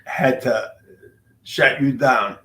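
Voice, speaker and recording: A man's voice: mid-range voice, slow, bright, forceful tone, echoey room. A man hosting a casual interview, jokey and profane, prompting his guest to tell stories. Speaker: podcast host. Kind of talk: casual chat.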